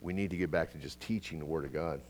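A middle-aged male pastor preaching a Bible teaching, swinging between loud, emphatic bursts and quiet asides. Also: very deep voice, fast talker, slight background noise. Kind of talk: expository sermon.

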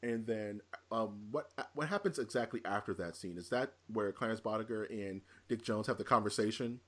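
A man hosting a casual film review chat, rambling through scene retellings with excitement. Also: on the low side, moderate pace.

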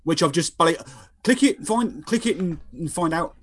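A man's voice: on the high side, expressive, moderate pace, breathy edge. A man with a Birmingham accent calling into a podcast and chatting casually with dry jokes. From Birmingham, England. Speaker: caller. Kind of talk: casual chat.

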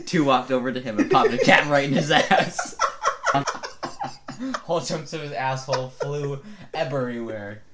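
A man co-hosting a comedy podcast, reading absurd fan fiction aloud in a mostly flat voice and often breaking into laughter. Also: mid-range voice, unhurried, over a noisy crowd.

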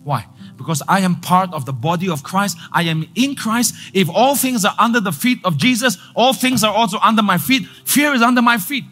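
A male pastor preaching a sermon, repeating lines for emphasis and building to loud declarations. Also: sits high, a little fast, faint music behind.

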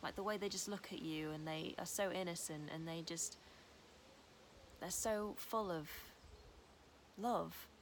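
A woman's voice: on the low side, measured pace, long pauses, a little hiss or hum. Earnest rambling woman vlogger. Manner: earnest, rambling, baby-talks to dogs. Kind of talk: casual spiritual vlog. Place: house, indoors and outdoors with dogs.

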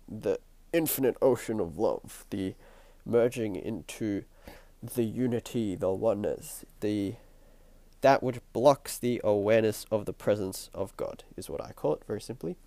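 A man hosting his own podcast with a stuffy, nasal voice and a croaky throat, musing in a reflective spiritual monologue and repeating his phrases as he thinks aloud. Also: fairly low pitch, unhurried, mellow, no echo. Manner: musing, repeats phrases, chuckles between thoughts. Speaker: podcast host. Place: at home at night.

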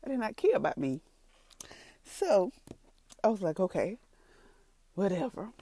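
In a mid-range, very animated voice, this warm mother of three speaks unhurriedly through an emotional testimony, tearing up at times. She rambles, circles back to repeat herself, and addresses everyone as "y'all," on a dry recording.

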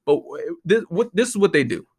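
Male podcast host, slightly higher voice, close-miked, cussing and ranting in an animated way. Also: brisk, breathy edge. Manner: profane, animated, exasperated. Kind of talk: casual ranting monologue. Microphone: close to the microphone.

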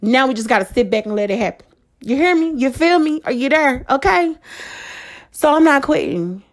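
A woman's voice: sits high, a little fast. A woman hosting a casual solo podcast, talking emphatically, swearing freely and throwing rhetorical questions at her listeners. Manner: emphatic, swears freely, fired-up pep talk. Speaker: podcast host.

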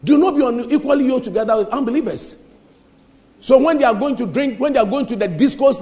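A man preaching an emphatic sermon in a church, repeating lines and rising to shouts. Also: very high voice, animated, fairly quick. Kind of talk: lively sermon. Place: church hall. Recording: reverberant church hall.

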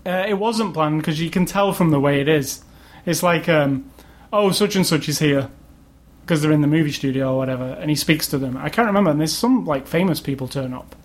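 A man's voice: on the high side, quick pace, few pauses. A man co-hosting a podcast, chatting casually about a film with many fillers and restarts. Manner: rambling, lots of fillers and restarts. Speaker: podcast co-host. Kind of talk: casual chat, film review.

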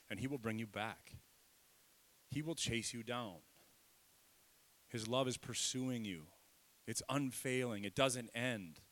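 A man preaching a sermon as pastor, swinging from soft, tearful passages up to loud, emphatic peaks. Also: mid-range voice. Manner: impassioned, building to loud emphatic peaks then dropping soft. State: tearful, nose running.

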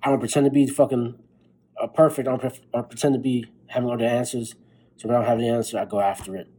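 A man's voice: medium pitch, fairly even intonation, fast, warm tone, poor audio. A young man hosting a podcast, giving a blunt, profane motivational monologue late at night while tired. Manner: blunt, profane, fired-up pep talk. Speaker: podcast host.

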